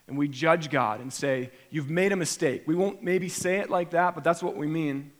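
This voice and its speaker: A man preaching a sermon, animated, acting out imagined prayers with sudden rises in pitch and volume. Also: brisk. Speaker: pastor. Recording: long hall reverb.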